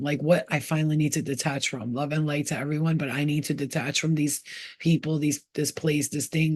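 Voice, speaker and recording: A woman hosting her own channel as a spiritual healer, giving a casual, blunt pep talk full of swearing, acting out voices as she goes. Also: no room sound. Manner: blunt and profane, acts out quoted voices; animated, often jumps higher in pitch.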